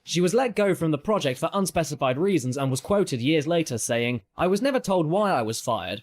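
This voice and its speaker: A man narrating scripted film trivia in a steady, measured reading. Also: fairly high pitch.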